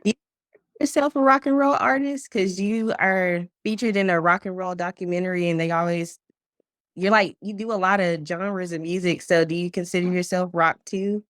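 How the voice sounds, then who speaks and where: Chatty female co-host, low-pitched, dry close mic. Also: steady tone, moderate pace, fairly bright tone, no room sound. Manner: chatty, laughs often. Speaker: podcast co-host. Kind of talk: casual interview chat.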